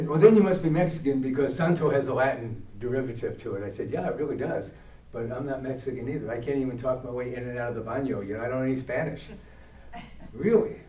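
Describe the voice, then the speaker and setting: Older man, New York accent, storytelling talk, mellow tone, roomy hall sound. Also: mid-range voice, far from the mic, slight background noise. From Brooklyn, New York. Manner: animated, acts out the voices of people in his stories. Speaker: guest speaker. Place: church hall.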